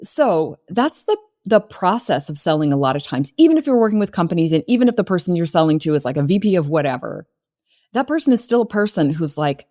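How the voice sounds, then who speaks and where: Low-voiced woman, earnest and chatty. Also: sing-song, fast. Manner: warm, earnest and conversational, with many fillers and restarts. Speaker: business coach. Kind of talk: solo podcast talk.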